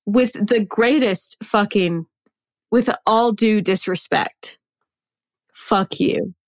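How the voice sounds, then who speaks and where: A woman's voice: medium pitch, slow pace, dry recording. A woman co-hosting a podcast, chiming in with blunt, sarcastic and profane remarks. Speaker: podcast co-host. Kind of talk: casual podcast banter.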